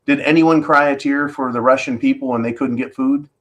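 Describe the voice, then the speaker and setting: A man's voice: mid-range voice, steady tone, fairly quick, fairly bright tone. A man hosting a live stream, ranting through rhetorical questions and calling his viewers folks. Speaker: host of a live political commentary stream. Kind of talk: live-stream commentary monologue.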